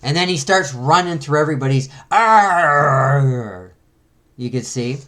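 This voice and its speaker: A man walking through a comic book page by page in casual chat, reading the panels aloud and slipping into quick voices for the characters. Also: a little high, fairly bright tone, a little hiss or hum.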